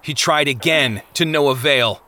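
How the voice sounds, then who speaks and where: A man's voice: medium pitch, unhurried, bright, forceful tone. A man narrating an audiobook chapter with vivid, dramatic storytelling. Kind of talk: scripted narration. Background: music.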